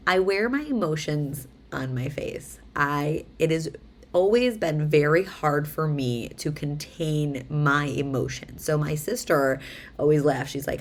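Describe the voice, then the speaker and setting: A mom vlogger in her thirties tells stories to the camera, animated and conversational, voicing the quotes as she goes. She speaks at a normal speed in a low voice.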